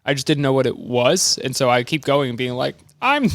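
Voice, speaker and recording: A man's voice: mid-range voice, animated, normal speed, few pauses, a bit bright, dry recording. A male podcast host telling a rambling comic story and acting out other people's lines, laughing often. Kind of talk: comedic storytelling chat.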